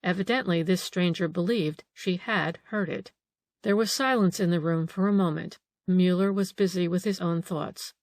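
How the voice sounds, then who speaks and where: A woman narrating an audiobook in a measured, steady storytelling manner. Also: lowish voice, dry recording. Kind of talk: scripted narration.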